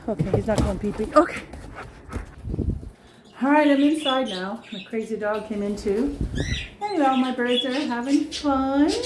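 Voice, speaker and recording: A woman vlogging at home with her pets, chattering in sing-song baby talk and cheering them on with excited calls. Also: high voice, noisy background. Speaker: pet vlogger. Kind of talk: casual home vlog. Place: home with pets, partly outdoors in snow.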